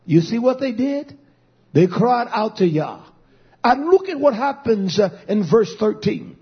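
A man preaching a sermon with emphatic repetition, swinging between quiet low passages and raised calls. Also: very animated, measured pace, breathy edge. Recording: dull lo-fi recording.

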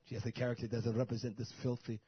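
A man preaching a sermon, who swings from soft, murmured asides to loud, shouted bursts. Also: mid-range voice, little pitch movement, very fast, breathy edge, no echo, dull audio.

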